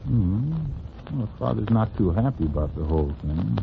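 A man playing a scheming newspaper reporter in an old radio drama, brisk and probing. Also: on the low side, lively intonation, gravelly, a little hiss or hum. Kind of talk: 1940s radio acting. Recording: tinny old radio broadcast.

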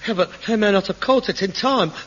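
Whiny young son, theatrical hypochondriac, bright high voice, dull old tv sound. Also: male voice, fairly quick. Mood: whining. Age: young adult. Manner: theatrical, whining and self-dramatising. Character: hypochondriac grown son, melodramatic and self-pitying. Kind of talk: 1960s-70s TV sitcom acting. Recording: dull old TV recording, faint hiss.

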